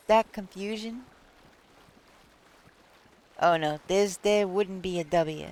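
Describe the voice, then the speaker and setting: A woman's voice: mid-range voice, slight background noise. A woman live streaming, chatting casually with viewers, reading chat aloud and playing with how words are pronounced. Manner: reads chat aloud and plays with word pronunciations.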